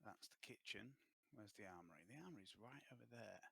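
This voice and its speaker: A man running a tabletop game in a relaxed, hesitant way, full of ums and the odd swear word. His voice is bright and lively in pitch. It sounds close and dry. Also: fairly quick, gravelly, slightly rough, no echo. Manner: casual, hesitant, with many ums and frequent swearing. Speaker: game master.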